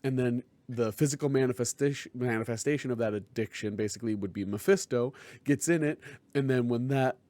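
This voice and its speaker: A man's voice: medium pitch, brisk, warm tone. A man co-hosting a casual podcast review, thinking aloud and searching for the right words. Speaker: podcast co-host.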